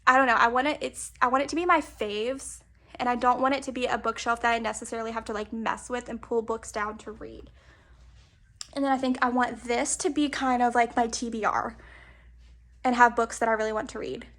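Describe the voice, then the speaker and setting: Young girl kinda out of breath, chatty and rambly, voice a little high. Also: steady tone, a little fast, fairly bright tone. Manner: chatty, filler-heavy, uses "y'all". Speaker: book vlogger. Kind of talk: casual chat.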